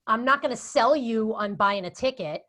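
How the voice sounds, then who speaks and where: A woman's voice: a little high, normal speed. A woman with a Boston accent, a guest speaker chatting casually in an interview and telling stories animatedly. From Boston area. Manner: chatty, animated storytelling with quoted asides. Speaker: guest speaker and event moderator.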